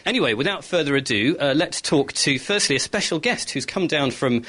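A man's voice: on the high side, expressive, brisk, fairly bright tone. A man reporting on location from a home kitchen, presenting an experiment with eager glee. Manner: gleeful and eager.

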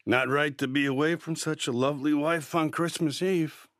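A man's voice: on the high side, steady tone, moderate pace, a bit bright, no room sound, clean studio sound, voice pushed up, lightly acted. A man voicing a drunk, bearded man in his thirties who leers and mocks with sneering swagger. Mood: leering.

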